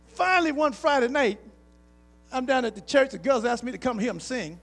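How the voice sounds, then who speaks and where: High-voiced pastor preaching with swing. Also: male voice, lively intonation, brisk, vocal fry, fairly bright tone, soft background music. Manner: preacher's call-and-response, folksy, rising to emphatic. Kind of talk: sermon with personal stories. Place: church sanctuary.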